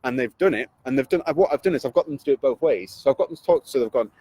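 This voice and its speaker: Animated man teaching on camera. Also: mid-range voice, rapid-fire, slightly rough. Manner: animated, laughs often, acts out examples. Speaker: video presenting trainer. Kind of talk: casual teaching chat.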